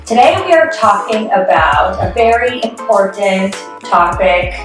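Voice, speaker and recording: A woman's voice: medium pitch, lively intonation, measured pace, very echoey, distant mic, soft background music, rough recording. A woman in her thirties hosting a podcast, chatting frankly with lots of fillers and restarts. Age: 30s. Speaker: podcast host. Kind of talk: casual candid chat.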